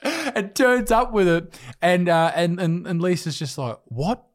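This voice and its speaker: A man's voice: sits high, measured pace. Laid-back Australian man telling stories. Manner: relaxed storyteller, swears casually. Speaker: podcast host. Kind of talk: casual chat.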